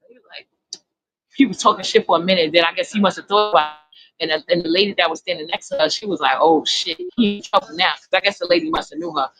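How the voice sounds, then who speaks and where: A woman's voice: lowish voice, expressive, fast talker, fairly bright tone, dry recording, low-quality recording. A woman chatting casually in a vlog, animatedly retelling a story from a city bus. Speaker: vlogger.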